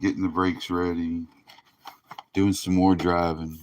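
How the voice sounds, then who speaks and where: Weary male stream host, slow and easygoing, chuckles between card reveals. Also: low voice, flat delivery, a little hiss or hum. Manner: laid-back, drawling, laughs often. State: tired, yawning. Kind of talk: casual livestream commentary.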